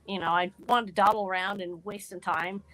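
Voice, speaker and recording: A woman's voice: mid-range voice, steady tone, fairly bright tone, low-quality recording. Earnest woman telling a personal story. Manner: halting, earnest, restarts often. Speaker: podcast guest.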